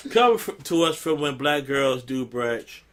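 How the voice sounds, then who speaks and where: Animated male podcast host telling a story. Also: mid-range voice, unhurried. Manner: animated storyteller, laughs often. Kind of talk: casual podcast banter.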